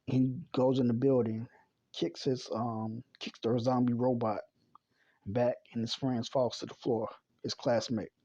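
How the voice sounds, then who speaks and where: A man reading a comic chapter aloud in a plain, unhurried way, correcting himself as he goes. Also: mid-range voice, a little mellow, highs cut off. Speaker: comic reader.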